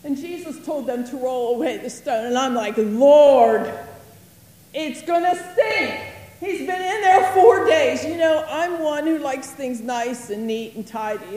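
A woman's voice: sits high, warm tone. A woman playing a grieving biblical sister in a first-person dramatic monologue, earnest and emotional. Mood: fretful. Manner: earnest and emotional, dwelling on words. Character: grieving woman, sister of Lazarus, fond of tidiness. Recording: roomy hall reverb, faint ambience.

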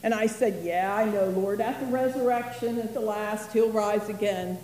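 A woman's voice: medium pitch, moderate pace, warm tone, slight background noise, close to an everyday voice. A woman playing a grieving biblical sister in a first-person dramatic monologue, earnest and emotional. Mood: awed, reflective. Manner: earnest and emotional, dwelling on words. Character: grieving woman, sister of Lazarus, fond of tidiness. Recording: roomy hall reverb, faint ambience.

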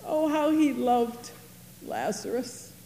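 A woman's voice: on the high side, very animated, slow, creaky, mellow, slight background noise, exaggerated voice. A woman playing a grieving biblical sister in a first-person dramatic monologue, earnest and emotional. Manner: earnest and emotional, dwelling on words. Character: grieving woman, sister of Lazarus, fond of tidiness. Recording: roomy hall reverb, faint ambience.

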